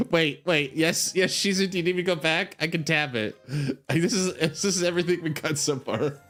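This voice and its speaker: A man's voice: on the high side, normal speed, fairly bright tone, faint music behind. Giggly male streamer reading a game story aloud. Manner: giggly, rambling, stumbling over words.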